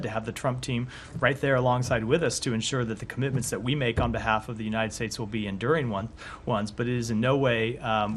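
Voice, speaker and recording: A male government spokesperson answering questions at a press briefing, measured with frequent fillers, hoarse and clearing his throat. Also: mid-range voice, a little hiss or hum. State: hoarse, coughing. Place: briefing room.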